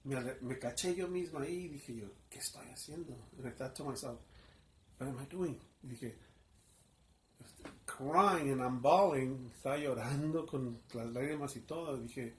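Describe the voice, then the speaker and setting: A man's voice: mid-range voice, fast talker, darkish tone. A man, a pastor, telling his personal testimony in an earnest, emotional storytelling manner.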